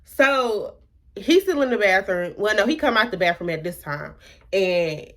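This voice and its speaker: A young woman recounts a personal drama to her viewers, animated and talkative. She keeps asking rhetorical questions and acts out what everyone said. Her voice sits in a middle range for a woman. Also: medium pitch, unhurried. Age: young adult. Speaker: vlogger. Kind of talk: storytime vlog.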